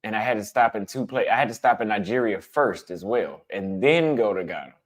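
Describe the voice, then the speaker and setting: Guy chatting with viewers, bit low voice, blunt, repeats himself for emphasis. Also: animated, fairly quick. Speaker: travel vlogger answering chat. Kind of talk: casual livestream chat.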